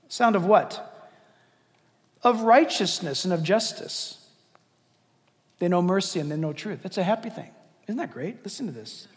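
A man preaching a sermon as pastor, impassioned, swinging from loud declaiming to hushed asides. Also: sits high, lively intonation, normal speed, pauses often. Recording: long reverb of a large hall.

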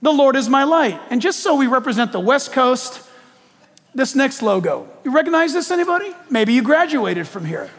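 A man preaching a sermon in an animated, joking way, putting questions to his audience. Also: very high voice, normal speed, in a large hall.

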